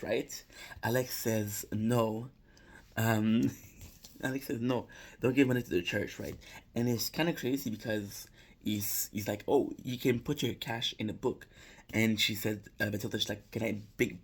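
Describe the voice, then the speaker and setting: A husky, medium-pitched man rambles through a recap of a prank call video, repeatedly tossing in "right?" and often restarting his sentences with a laugh. It's casual reaction commentary.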